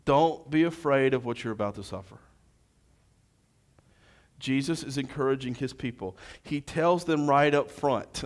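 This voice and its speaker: A man preaching a sermon as pastor, with impassioned, repetitive phrasing that builds to shouting. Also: mid-range voice, unhurried. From United States.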